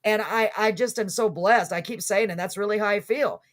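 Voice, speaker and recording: A woman's voice: medium pitch, a little fast. A woman hosting an interview, chatty and effusive, often laughing. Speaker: show host. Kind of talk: casual interview chat.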